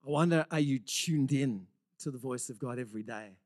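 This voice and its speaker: A man's voice: medium pitch, brisk. Male pastor, passionate sermon delivery, dips into whispers for effect. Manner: dramatic swings from loud exclamations to hushed whispers; earnest, excitable preaching with frequent repeated words.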